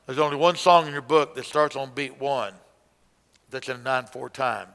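In a hall with long reverb, a man of medium pitch and fairly bright tone speaks at a moderate pace. As a song leading instructor, he shows leaders how to beat time by counting out loud and bursting into hymn lines, mixing conducting explanations with singing.

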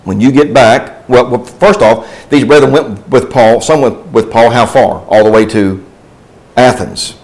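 Male Bible class teacher, mid-pitched voice, conversational delivery built on questions to the class. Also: a little slow, darkish tone, low-quality recording. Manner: asks the class questions and answers them himself; conversational, with restarts and asides.

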